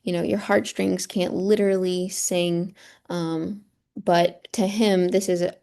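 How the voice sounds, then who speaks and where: A woman's voice: fairly low pitch, little pitch movement, a little slow, gravelly, warm tone. A woman teacher walking through a poem on a shared screen, patiently explaining and checking in with a rhetorical "right?". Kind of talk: screen-share lesson walkthrough.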